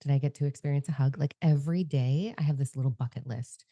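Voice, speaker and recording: A woman co-hosting a podcast in a candid, free-flowing, expressive chat. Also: rumbling low, quick pace, no echo. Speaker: podcast co-host. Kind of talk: casual heart-to-heart chat.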